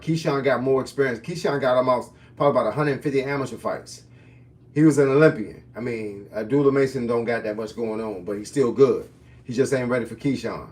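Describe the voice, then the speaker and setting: A man's voice: mid-range voice, darkish tone, far from the mic. A man in his fifties, a fitness and boxing coach, answering viewers' questions on a live stream in casual, folksy slang. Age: 50s.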